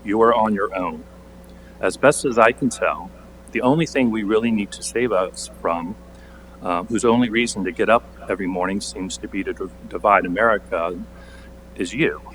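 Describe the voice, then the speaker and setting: A man's voice: on the low side, normal speed, a little hiss or hum, poor audio. A man on a borough council reading a prepared statement at a public meeting, pointed and sarcastic, pushing hard on key words. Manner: pointed, sarcastic, building to forceful emphasis.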